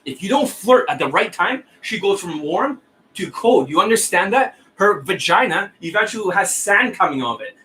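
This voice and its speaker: In a low-quality recording, a dating coach rants with profanity and scorn, insults his listeners, and keeps demanding "right?" and "you see that?". His voice sits high, bright and forceful, with lively intonation at a moderate pace.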